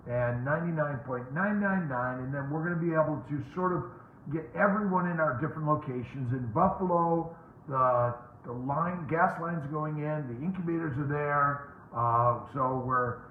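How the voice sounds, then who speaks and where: A man's voice: medium pitch, moderate pace, a little hiss or hum. A man hosting a casual live question-and-answer stream as a fertility doctor, greeting viewers by name and rambling with fillers. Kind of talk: casual livestream chat. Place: home. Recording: tinny phone-like audio, roomy echo.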